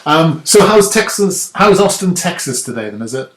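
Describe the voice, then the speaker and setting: A man's voice: fairly high pitch, sing-song, normal speed. A man hosting a podcast interview, chatty and friendly, often restarting his sentences. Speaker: podcast host. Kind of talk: casual interview chat. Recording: roomy echo.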